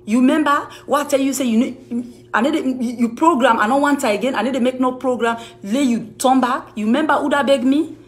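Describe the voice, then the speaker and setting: A woman's voice: high-pitched, brisk, few pauses. A woman with a Sierra Leonean Krio accent, a music manager answering accusations to camera in an accusing, emphatic, repetitive way. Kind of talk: heated rebuttal to camera.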